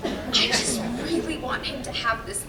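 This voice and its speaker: A woman's voice: on the high side, unhurried. A woman on a convention panel, chatting casually, giggly and a little unsure as she thinks aloud. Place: large convention panel room. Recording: echoey hall with a crowd behind.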